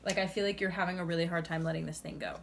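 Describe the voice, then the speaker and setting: A woman's voice: fairly low pitch, steady tone, very fast, creaky, a little hiss or hum. A young woman doing a tarot reading to camera, earnest and chatty, sighing now and then between cards. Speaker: tarot reader.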